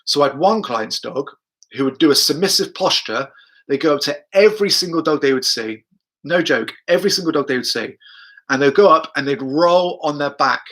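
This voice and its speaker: Chatting on a live stream, a male dog trainer walks through his methods and responds to viewer questions, often repeating points and speaking aloud the dog's thoughts. He talks briskly and expressively in a fairly high, fairly bright voice.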